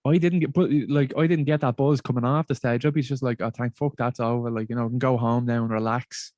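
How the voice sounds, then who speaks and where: A man, a comedian guest in casual chat, halting and repeating words, colloquial and swearing. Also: medium pitch, fairly even intonation, a little mellow, no echo, studio quality.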